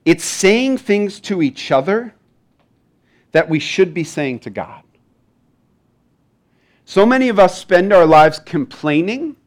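A man preaching a sermon in a conversational way, acting out small dialogues and reading scripture with feeling. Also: on the high side. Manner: conversational, animated, acts out little dialogues. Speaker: pastor.

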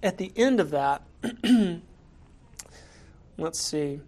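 A man's voice: fairly high pitch, expressive, drawn-out words, a little mellow. A man preaching a casual sermon, retelling a Bible story in a chatty way with many fillers and restarts. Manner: conversational, acts out quotes in raised voices, many fillers. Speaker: pastor.

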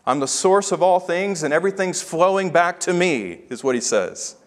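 A man preaching a sermon as pastor, emphatic and slowing down to stress key phrases. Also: high voice, expressive, long reverb tail.

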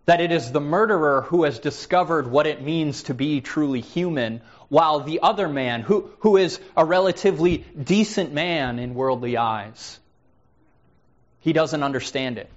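A man's voice: fairly high pitch, normal speed. An earnest male preacher with a slightly raised voice who often repeats a word as he begins a phrase. The recording sounds a bit dull and lo-fi. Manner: earnest, repeats words when starting phrases. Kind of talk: sermon.

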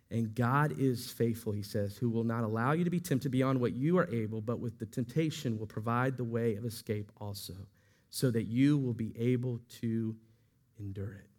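A man preaching a sermon, his voice rising and swelling when he quotes scripture and falling soft at the ends of lines. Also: medium pitch. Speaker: pastor.

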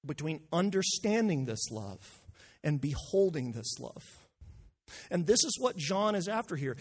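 A man's voice: medium pitch, slightly rough. A male pastor delivering an earnest sermon, stumbling on frequent restarts and climbing to impassioned peaks.

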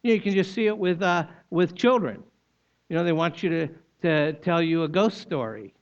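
A man preaching from the pulpit in a somewhat high voice, laying out scripture like a teacher and repeating key phrases for emphasis. The recording sounds dull and lo-fi. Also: moderate pace. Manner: explanatory teaching, emphatic repetition. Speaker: pastor. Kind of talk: sermon.

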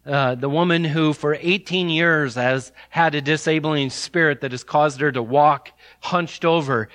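Bright-voiced preacher man, emphatic. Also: a little slow, dry recording. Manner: emphatic, reads scripture aloud, rises and drops in pitch. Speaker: pastor. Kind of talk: expository sermon.

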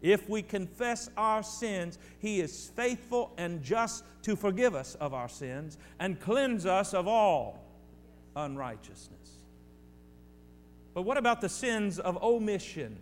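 In a high, expressive voice and at a slow pace, a male pastor preaches with emphasis, repeating phrases and talking straight to his congregation. Faint hum and long hall reverb fill the recording.

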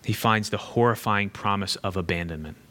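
A man preaching a sermon, earnestly repeating key phrases for emphasis and moving between hushed and fervent delivery. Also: lowish voice, brisk.

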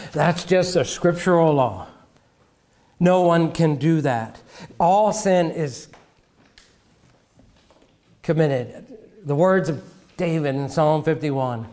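Male preacher, middle-aged, higher register, dramatic pauses and hushed drops. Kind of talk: sermon.

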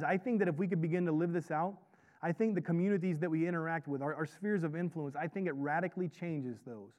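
A man preaching a sermon with a slightly high voice. He talks conversationally, often asks "right?" and draws the congregation in, as a pastor and chaplain. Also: darkish tone.

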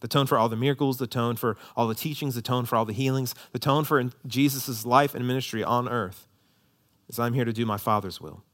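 A man preaching a sermon to his congregation. He is emphatic, repeats key lines in a steady preaching rhythm, and slips in light, joking asides. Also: mid-range voice, a little fast. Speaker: pastor.

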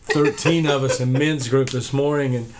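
A man's voice: medium pitch, steady tone, moderate pace, background noise. A man who is a pastor, chatting with easy, dry humor. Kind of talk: casual chat.

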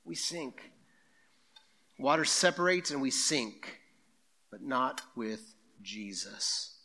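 A man preaching a sermon to his congregation with a bright, forceful tone. His delivery is conversational, with quick asides to the people in the pews. He reads scripture aloud between points. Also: medium pitch, lively intonation. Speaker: pastor.

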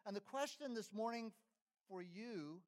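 A high-pitched man preaches from the pulpit with emphatic delivery. His voice rises forcefully on key phrases and drops to a hush between them. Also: animated, unhurried. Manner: emphatic preaching, rising and dropping in volume. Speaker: pastor. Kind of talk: sermon.

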